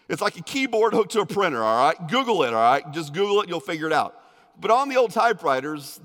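A man preaching a sermon as pastor, conversational with joking asides, swinging between loud emphasis and hushed intensity. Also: a little high. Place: church sanctuary. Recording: long hall reverb.

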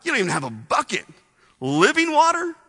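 Preacher voicing a hard-bitten smart-aleck woman, mocking and brash, bright lively voice, echoing hall. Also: high-pitched, moderate pace, exaggerated voice. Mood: sarcastic. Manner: mocking, tough, sarcastic. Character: sarcastic hardened woman, smart-aleck villager. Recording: long hall reverb.

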